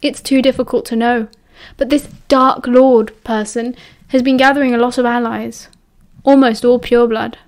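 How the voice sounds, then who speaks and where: A woman's voice: fairly high pitch, steady tone, normal speed, natural voice. A woman with a British accent voicing an earnest, anxious teenage wizard boy who speaks cautiously in an audiobook. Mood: grave. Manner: cautious, concerned.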